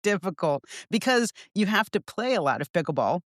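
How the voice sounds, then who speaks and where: A man's voice: high voice, very animated, a little fast, a bit bright, no echo, studio quality. A man in his forties, a pickleball content creator, chatting as a podcast guest, upbeat and laughing often. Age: 40s. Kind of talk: casual interview chat. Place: New York.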